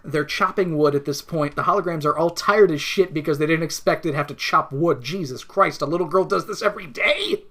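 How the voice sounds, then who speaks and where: A woman's voice: deep voice, brisk, few pauses, fairly bright tone. A woman co-hosting a podcast, recapping a cartoon episode in a dry, sarcastic way and swearing freely. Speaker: podcast co-host. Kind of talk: casual chat recapping a cartoon.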